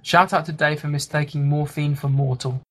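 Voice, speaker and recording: Guy doing fast esports play-by-play, lots of uhs, bit high voice. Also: steady tone, fairly bright tone. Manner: rapid play-by-play with frequent fillers. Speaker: esports commentator. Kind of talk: live game commentary.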